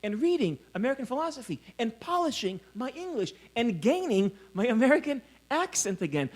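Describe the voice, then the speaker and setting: A man's voice: sits high, big pitch swings, normal speed. A middle-aged man who grew up in Israel gives a conference lecture, telling stories about himself and laughing often. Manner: storytelling, self-mocking, laughs often. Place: conference hall.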